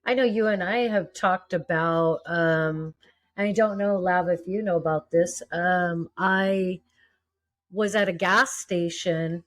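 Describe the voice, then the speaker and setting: A woman in casual chat, telling a story hesitantly with many pauses and fillers. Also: fairly low pitch, steady tone. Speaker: podcast guest.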